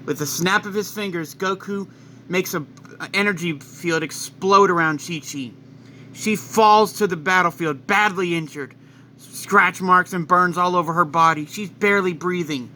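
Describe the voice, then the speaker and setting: A man narrating a fan-made story in quick, excitable storytelling. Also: high-pitched, slight background noise. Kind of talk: casual fan-fiction narration.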